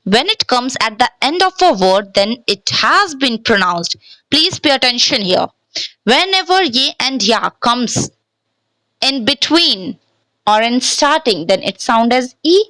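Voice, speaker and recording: A woman's voice: on the high side, very animated, unhurried, bright, forceful tone, no room sound, poor audio. A woman teaching a language lesson from slides, speaking patiently, repeating words and checking in with "okay?", and switching between English and Hindi.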